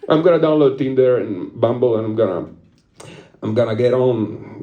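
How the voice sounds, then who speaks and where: A man's voice: medium pitch, moderate pace, mellow, roomy sound, muffled recording. A young man performing a stand-up comedy set, telling a rambling story, laughing at his own jokes and swearing casually.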